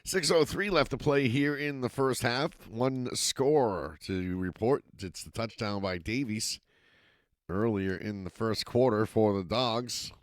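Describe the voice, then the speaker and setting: A man's voice: mid-range voice, slow, dry recording, clean studio sound. A man from Massachusetts with a slight local accent, calling play-by-play for a youth football game. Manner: steady play-by-play, rising excitement on scoring plays. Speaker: play-by-play announcer.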